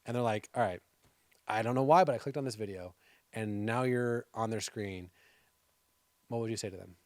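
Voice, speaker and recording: A man's voice: on the low side, normal speed, no echo. Guy hosting a church tv chat, playful and conversational, dry close sound. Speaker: TV show host. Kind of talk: casual interview chat.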